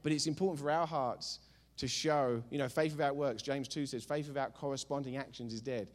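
A male pastor preaching a sermon, telling a funny story with emphatic, animated delivery. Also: mid-range voice, brisk.

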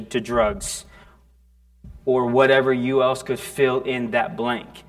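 A man's voice: mid-range voice, level tone. A man preaching a sermon in church, talking casually with frequent restarts and questions to the congregation. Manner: conversational, halting with restarts, asks the congregation questions. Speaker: pastor. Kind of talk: sermon with storytelling.

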